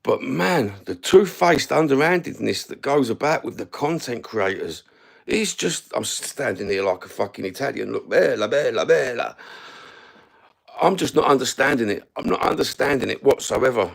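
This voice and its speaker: A man's voice: medium pitch, expressive, normal speed, gravelly. A man ranting to camera, blunt, sweary and heated, standing while he films himself. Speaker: YouTube content creator. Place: standing somewhere, filming himself.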